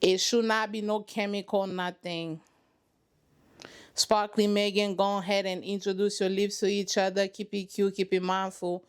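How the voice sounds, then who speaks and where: A woman's voice: mid-range voice, little pitch movement, moderate pace, clear, resonant tone. A woman hosting a reaction channel, giving sassy, dramatic running commentary on a reality show from her couch at home.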